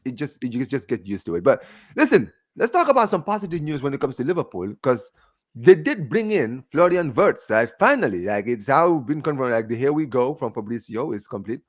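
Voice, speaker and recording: A man's voice: mid-range voice, fairly quick. A man hosting a football podcast, chatting casually and animatedly. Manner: animated, chatty, lots of fillers.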